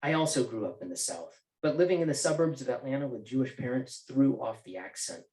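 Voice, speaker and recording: A man's voice: medium pitch, animated, brisk, a little mellow. A male author reading from his novel at a bookstore event, with casual joking asides. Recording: roomy bookstore echo.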